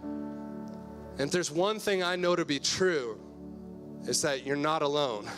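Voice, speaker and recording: A young adult man preaching a sermon as pastor, telling a personal story earnestly and moving between hushed and loud passages. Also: fairly high pitch, lively intonation, takes it slowly, music in the background.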